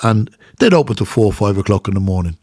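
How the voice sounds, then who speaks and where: With a lowish voice and a quick pace, an Irish man from Dublin, middle-aged and once a boxer, swaps stories as a guest. He's animated, performing the voices he quotes, and the sound is clean studio audio without echo.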